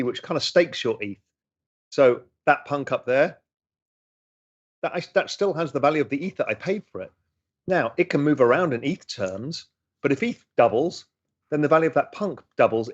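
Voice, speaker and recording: A man's voice: mid-range voice, lively intonation, brisk. A middle-aged man, chatting enthusiastically as he reads and answers chat questions on a casual livestream. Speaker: host answering audience questions. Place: home room. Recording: slightly dull lo-fi stream audio.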